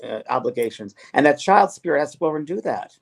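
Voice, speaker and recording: A man's voice: fairly high pitch, expressive, fast, creaky, slightly rough. Earnest middle-aged man talking about spirits. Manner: earnest, emotional, quotes spirits in their own words. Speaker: spiritual medium and co-host. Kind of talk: casual spiritual chat.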